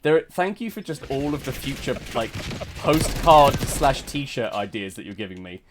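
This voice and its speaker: A chatty, excitable British man hosting a live gaming stream, laughing often between his comments. His voice sits at an everyday middle pitch, and faint game gunfire can be heard under his talk. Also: moderate pace, noisy background. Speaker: stream host. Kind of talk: casual chat while gaming.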